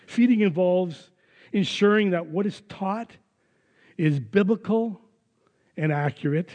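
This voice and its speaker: A man's voice: sits high, unhurried, a little mellow, big-room sound, dull audio. A man preaching a sermon as pastor, earnest and emphatic. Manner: earnest, emphatic, with some restarts. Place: church.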